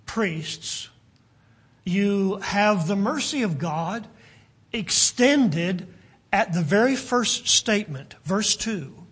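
A man preaching a sermon in an earnest, deliberate way, at times dropping almost to a whisper to stress a point. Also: high-pitched, lively intonation, slightly rough.

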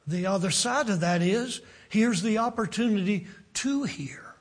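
Male preacher, higher voice, unhurried and earnest, sinking to near-whispers for emphasis. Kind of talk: sermon.

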